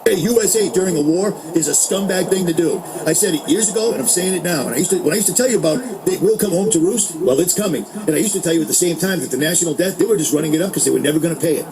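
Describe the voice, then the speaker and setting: Fired-up man ranting fast. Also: on the high side, noisy background. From Boston. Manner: heated, indignant, emphatic. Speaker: podcast host. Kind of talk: angry political rant.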